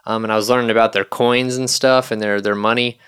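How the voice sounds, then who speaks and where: A man's voice: mid-range voice, fairly even intonation, fast, a bit bright, clear, resonant tone, no echo, studio quality. A man hosting a casual podcast, rambling and joking with plenty of swearing. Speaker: podcast host.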